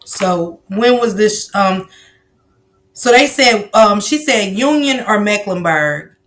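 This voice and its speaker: A woman hosting a livestream interview, casually reading out viewer comments and giving shout-outs. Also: medium pitch, lively intonation, takes it slowly. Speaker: livestream host.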